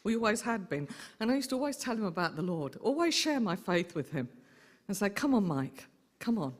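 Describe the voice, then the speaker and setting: A middle-aged woman, an aunt telling lively stories in a memorial tribute. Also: mid-range voice, fairly quick. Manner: lively anecdotal storyteller. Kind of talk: eulogy storytelling.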